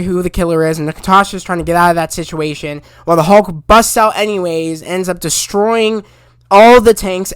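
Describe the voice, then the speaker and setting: Excitable rambling man recapping a show. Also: high voice, smooth, no room sound, clean studio sound. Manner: rambling, heavy on fillers, gets loud and excited retelling scenes. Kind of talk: casual spoiler recap.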